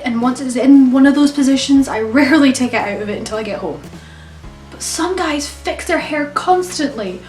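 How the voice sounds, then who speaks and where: A young woman with a cold, talking casually in an exasperated, questioning vlog monologue. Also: sits high. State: has a cold. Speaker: vlogger. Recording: roomy, from a distance.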